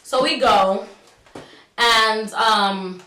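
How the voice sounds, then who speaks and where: Young New woman vlogger, high-pitched, lively and slangy, a bit distant from the mic in a roomy space. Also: drawn-out words. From New York. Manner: animated, slangy, acts out dialogue. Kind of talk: casual storytime. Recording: roomy, set back from the mic.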